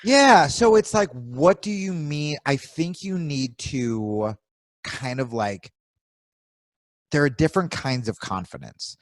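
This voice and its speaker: A man's voice: on the high side, lively intonation, slow pace, dry recording. A man co-hosting a podcast in casual chat, giving blunt, profane coaching advice. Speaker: podcast co-host.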